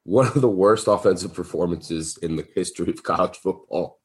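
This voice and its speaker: A man hosting a sports betting podcast, chatting casually and getting excited in sudden bursts. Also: brisk. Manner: excitable, big leaps in pitch. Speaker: podcast host.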